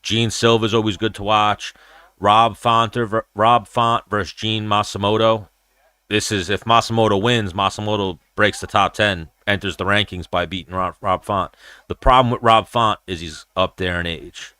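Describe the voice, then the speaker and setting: Male livestream host, low-pitched and forceful, casual and profane, animated storyteller, dry close sound. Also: moderate pace, clean tone, no room sound. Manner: acts out his own quoted lines. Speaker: show host.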